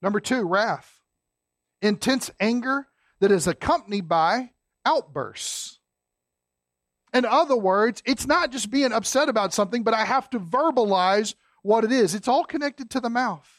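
A man preaching a sermon as a pastor, folksy and emphatic, dropping low and quiet to stress a point. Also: expressive, measured pace, no room sound, clean studio sound.

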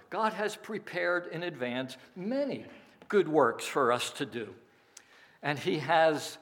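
A man preaching a sermon, slow and deliberate, with emphatic phrasing. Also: a little high. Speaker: pastor.

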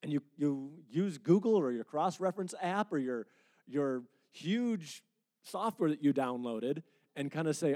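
A male pastor speaks in a mellow, relaxed tone. He stays conversational and earnest and answers a question from the congregation. Now and then he acts out little quotes in a livelier voice. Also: a little high, moderate pace. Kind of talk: sermon Q&A.

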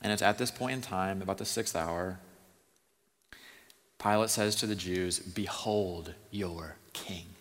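A man preaching a sermon, moving between hushed, near-whispered passages and loud, impassioned stretches as he retells scripture. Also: low-pitched, normal speed, long pauses, big-room sound. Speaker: pastor.

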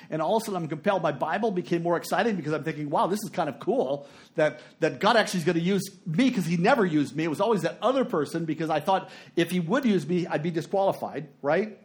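Man preaching, middle-aged, fairly high voice, hushed then emphatic storytelling. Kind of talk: sermon.

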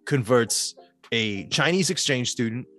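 A man's voice: medium pitch, expressive, a little slow, fairly bright tone. A man co-hosting a comedy podcast, recapping a movie in a sarcastic, loose way, with a lot of swearing and filler. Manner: sarcastic, swears freely, many filler ums. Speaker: podcast co-host. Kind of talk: casual comedic movie-review chat.

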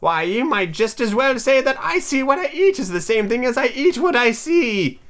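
A man voicing the Hatter, a rude, riddling man in a storybook reading, speaking shrill and drawn out. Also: sing-song, normal speed, a bit bright, exaggerated voice.

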